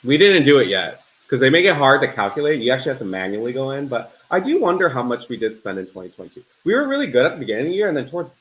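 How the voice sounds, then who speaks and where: Fast-talking laid-back guy on a home livestream, voice moves around a lot. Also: medium pitch, very animated, a bit bright, a little hiss or hum, rough recording. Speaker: live stream co-host. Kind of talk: casual chat, reading viewer comments. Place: home kitchen.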